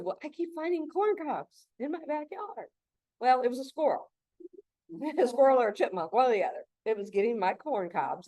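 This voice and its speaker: A woman's voice: medium pitch, warm tone, no room sound. A middle-aged woman giving a casual gardening talk, chatty and laughing often between stories. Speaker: gardening instructor.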